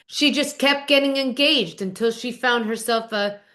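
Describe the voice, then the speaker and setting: A woman's voice: a little high, moderate pace, sharp tone. A woman host giving a chatty, emphatic recap of reality-show gossip, straight to her viewers. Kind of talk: casual recap commentary.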